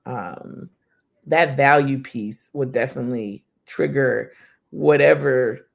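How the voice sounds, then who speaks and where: Woman partner on an accountability call, deep gravelly fry, husky, thoughtful and unhurried. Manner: reflective, measured, with many "um" pauses. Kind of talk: casual video-call chat.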